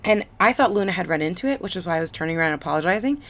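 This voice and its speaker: A woman's voice: lowish voice, lively intonation, rapid-fire, a bit bright. A woman telling a story in a loose, rambling way, full of fillers. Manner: rambling, filler-heavy, laughs along. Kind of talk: casual storytelling chat.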